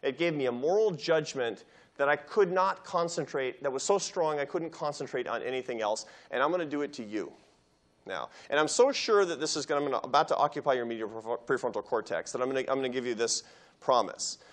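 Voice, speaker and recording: A man giving a public university lecture, telling a story with lively animation and acting out quoted voices. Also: medium pitch, fairly quick. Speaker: guest lecturer.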